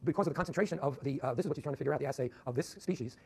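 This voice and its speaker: A man's voice: medium pitch, rapid-fire, creaky, a little mellow, breathy edge. A man giving a university physics lecture in a lecture hall, rambling with many restarts and chuckling at his own asides.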